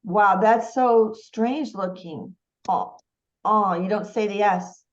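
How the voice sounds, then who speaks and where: A woman's voice: medium pitch, slow pace. Woman student on a dull call line. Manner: curious, hesitant learner.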